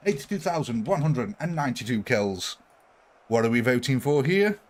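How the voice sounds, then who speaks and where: A man's voice: medium pitch, big pitch swings, moderate pace. A British man giving live gameplay commentary, chatting with his viewers in a jokey, self-mocking way. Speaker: streamer.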